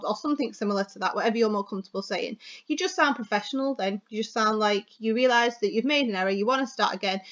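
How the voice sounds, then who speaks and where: A woman teacher giving a chatty, fast, expressive lesson on delivering speeches. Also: on the high side, muffled recording. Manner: chatty, fast and expressive, stressing words for effect.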